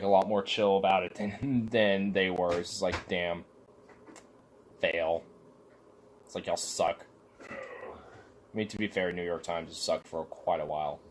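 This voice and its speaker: A man with a somewhat low voice rants casually, rambling from point to point. He swears freely and fills every pause with "like". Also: slight background noise. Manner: profane, rambling, heavy use of filler "like". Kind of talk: casual rant.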